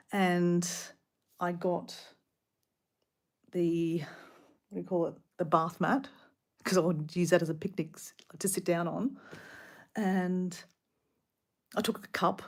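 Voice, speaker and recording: A middle-aged Australian woman rambling casually about her day, chatty and animated, full of asides. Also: fairly low pitch. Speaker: vlogger. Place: hotel room.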